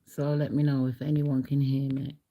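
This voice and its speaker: A woman's voice: a bass voice, level tone, normal speed, muffled recording. A middle-aged woman hosting a casual livestream, chatty and blunt, laughing often. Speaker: livestream host.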